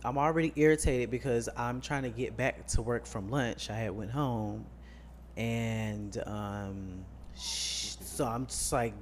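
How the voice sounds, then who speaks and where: A man's voice: medium pitch, unhurried, slight background noise. A young man co-hosting a podcast, casually telling an irritated, sassy story. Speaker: podcast co-host.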